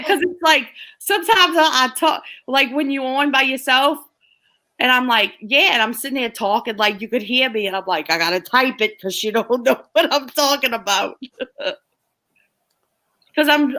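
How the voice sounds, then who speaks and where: A woman's voice: fairly high pitch, bright, forceful tone. A woman chatting casually on a livestream, laughing often and acting out what she said. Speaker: livestream guest. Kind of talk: casual chat.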